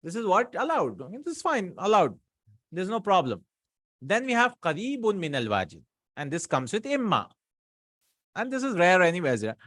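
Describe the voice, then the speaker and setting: A man teaching a grammar lesson, explaining quickly and checking in often with the students. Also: sits high, huge pitch swings, fairly bright tone, no echo, studio quality. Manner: quick explaining with frequent checks like "right?" and "hmm?". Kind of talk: recorded online lesson.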